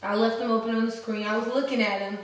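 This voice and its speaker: A young woman vlogger tells a personal story, casual and profane, playing up the drama for her viewers. Her fairly high voice echoes heavily around the room, and the mic sits at some distance. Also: steady tone, fast talker. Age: 20s. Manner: frank, profane, dramatic, talks to viewers as y'all.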